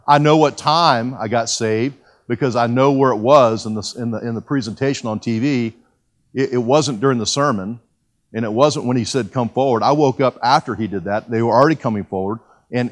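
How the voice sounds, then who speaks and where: A man in his fifties preaching a sermon and telling his personal testimony in a folksy, self-deprecating way, with frequent restarts. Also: mid-range voice. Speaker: pastor.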